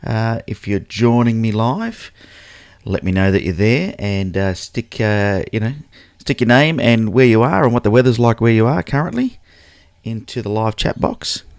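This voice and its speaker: A man with an Australian accent talks loosely through a photography live stream. He chats and rambles, stopping to greet viewers by name. His voice sits fairly low, and it is recorded dry and close with no room sound. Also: lively intonation, normal speed, smooth, no room sound. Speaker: photography livestream host. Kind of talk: casual live-stream chat.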